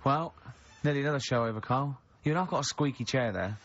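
A man's voice: mid-range voice, fast talker. A man hosting a radio show, teasing his co-hosts and telling rambling stories in casual banter. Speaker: radio host. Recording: dull lo-fi radio recording.

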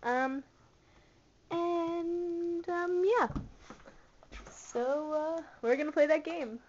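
A woman's voice: very high-pitched, extremely slow, darkish tone, dull audio, a little hiss or hum. A woman vlogging casually and teasing her pet, playful and full of laughs and fillers. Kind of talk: casual vlog talking to a pet.

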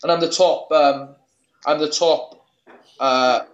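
A young Welsh man in his twenties, a fighter being interviewed, who talks in a halting way and often repeats and restarts his words. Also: a little high, steady tone. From Wales. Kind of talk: casual interview. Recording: echoey room, dull lo-fi sound.

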